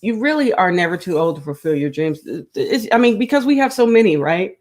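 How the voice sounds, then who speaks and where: A woman's voice: on the low side, very animated, a little fast, darkish tone. A woman hosting a crochet livestream, chatting casually with viewers and reading their comments aloud.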